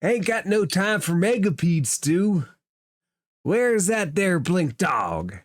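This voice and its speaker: A man voicing a loud, excitable clown cook who shouts in a high, drawling voice. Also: takes it slowly, full character voice. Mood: excited.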